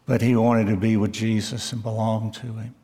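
A male pastor preaching an expository sermon, emphatic and deliberate, rising in pitch on key words. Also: flat delivery, warm tone, slightly rough. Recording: long reverb of a church hall.

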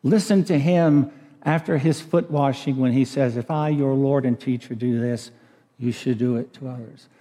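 A man preaching a sermon as pastor, slow and deliberate, rising to emphatic peaks. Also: mid-range voice, mellow. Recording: reverberant church hall.

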